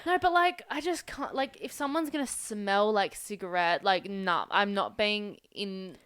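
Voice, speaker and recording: A woman's voice: medium pitch, lively intonation, unhurried, a bit bright, smooth, dry recording, studio quality. A young woman co-hosting a podcast in casual chat, rambling and chatty with many fillers, speaking into a headset mic. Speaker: podcast co-host.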